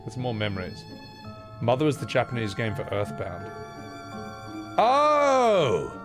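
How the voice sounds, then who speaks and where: A man's voice: on the low side, a little fast, music in the background. A man streaming a game, rambling and self-deprecating in casual commentary. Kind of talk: casual gameplay commentary with voice acting.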